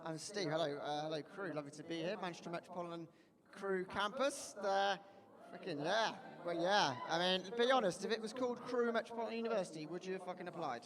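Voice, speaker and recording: A man's voice: high voice, fast talker. Rambling stand-up man in echoing hall. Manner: rambling, self-deprecating, stammers. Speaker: stand-up comedian. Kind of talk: stand-up set. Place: student bar venue. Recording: reverberant hall with loud crowd. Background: audience.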